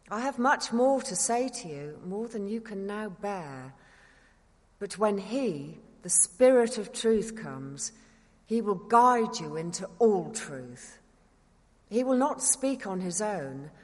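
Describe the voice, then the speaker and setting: A woman giving a measured, solemn gospel reading in church. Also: mid-range voice. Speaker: scripture reader. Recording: long church reverb.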